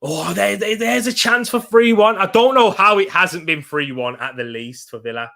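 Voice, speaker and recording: Upbeat lad streaming football. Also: male voice, high-pitched, expressive, moderate pace, gravelly, bright, forceful tone. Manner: chatty and upbeat, laughs often. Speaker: football watch-along streamer. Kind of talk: live football watch-along chat, reading viewer comments.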